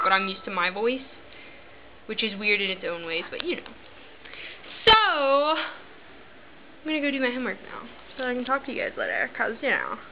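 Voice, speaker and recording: A woman's voice: a little high, slight background noise. A young woman vlogging in casual chat, rambling and voicing the people in her stories. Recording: slightly dull lo-fi recording.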